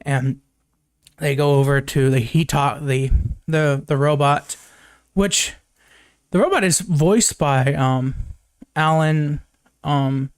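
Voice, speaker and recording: A man's voice: on the high side, slow pace, long pauses, smooth, no room sound. A young man giving a casual live movie review, recapping the plot in a rambling way with lots of fillers and swearing.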